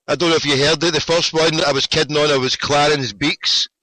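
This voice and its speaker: A man's voice: fairly high pitch, fairly even intonation, brisk, pushed and bright, dry recording, rough recording. A Glaswegian man hosting a casual podcast from his car, swearing and enthusing at his guest. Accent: Scottish, Glasgow. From Scotland. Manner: profane, laughing, enthusiastic. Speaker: podcast host.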